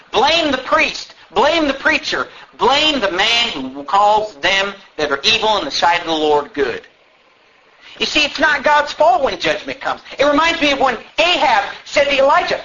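Man, preacher, fiery sermon, high voice, sharp tone, dull lo-fi recording. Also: very animated, moderate pace. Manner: impassioned, mocking wails in a high strained voice. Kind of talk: fiery sermon reading King James scripture.

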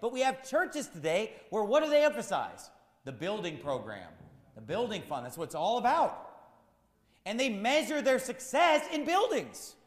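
A man's voice: high-pitched, sing-song, moderate pace, echoey room, in a large hall. A man preaching a sermon as pastor, firing rhetorical questions in a repetitive, emphatic cadence.

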